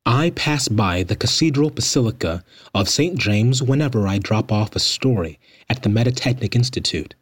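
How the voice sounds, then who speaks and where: A man's voice: medium pitch, animated, moderate pace, hardly any pauses, breathy edge. A man hosting a story podcast, talking in a conversational, reflective way. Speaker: podcast host. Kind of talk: casual spoken essay.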